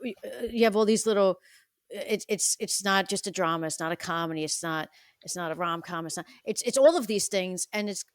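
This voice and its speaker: A woman's voice: medium pitch, brisk, no room sound, clean studio sound. A woman co-hosting a film podcast, chatting casually and acting out scenes from the movie. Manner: animated, acts out scenes with raised voice. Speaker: podcast co-host.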